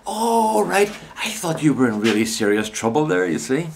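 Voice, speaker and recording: A woman's voice: sits low, sing-song, moderate pace, darkish tone, a little hiss or hum, pitched above the performer's own voice. A man voicing a worried young woman pharmacy assistant, fussing and baffled as she questions a customer. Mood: relieved.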